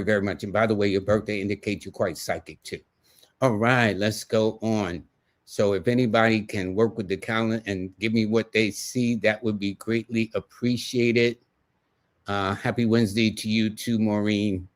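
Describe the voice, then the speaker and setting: Folksy New York man doing readings. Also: lowish voice. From United States. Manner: folksy and conversational, addresses viewers by name, thinks aloud. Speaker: numerologist host giving live readings. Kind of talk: casual livestream reading.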